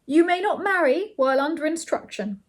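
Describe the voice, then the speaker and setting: A woman's voice: sits high, very animated, normal speed, a little mellow, husky, voice pushed up, full character voice. A woman reading as a pompous male earl. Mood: lofty.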